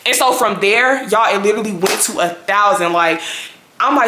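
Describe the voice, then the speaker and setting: A woman in her twenties telling a storytime to her viewers in a lively, fussing way. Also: medium pitch, normal speed, slight background noise. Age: 20s. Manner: animated, fussing, talks straight to viewers. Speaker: vlogger. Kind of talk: casual storytime. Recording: echoey room.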